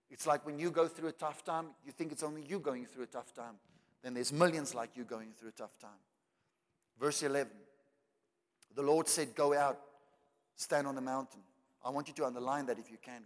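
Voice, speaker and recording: A man preaching a sermon, swinging between loud climaxes and quiet asides. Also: mid-range voice. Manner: dramatic preaching with rising shouts and soft drops. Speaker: pastor. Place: church hall. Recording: long hall reverb.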